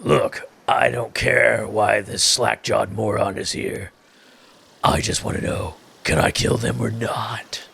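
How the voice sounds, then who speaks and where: Guy putting on a low whispery killer voice, sneering and impatient. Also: fairly even intonation, slow, vocal fry, fairly bright tone, breathy edge, heavily acted. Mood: menacing. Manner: contemptuous, sneering. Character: menacing killer, hostile and impatient.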